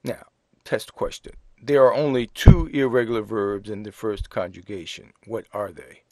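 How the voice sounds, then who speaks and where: A man teaching a French lesson in English, explaining grammar slowly and spelling out words letter by letter. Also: fairly low pitch, steady tone, darkish tone, no echo, studio quality. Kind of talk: slow classroom explanation.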